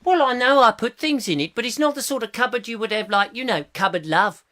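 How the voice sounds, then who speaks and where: A man's voice: very high-pitched, lively intonation, bright, forceful tone, voice pushed up, exaggerated voice. A man putting on a Birmingham accent to play bickering Brummie men in a radio-play style squabble. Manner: bickering, whiny, rapid back-and-forth.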